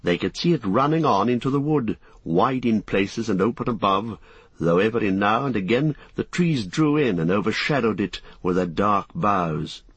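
A man narrating an audiobook in a measured, descriptive reading. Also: fairly low pitch, lively intonation, husky, no room sound.

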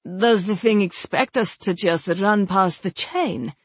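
A woman's voice: mid-range voice, slow, slightly rough, no room sound. Hamid, a woman voicing a blunt, swearing fighting man. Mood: angry. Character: gruff, hot-tempered fighting man. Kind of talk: audiobook narration.

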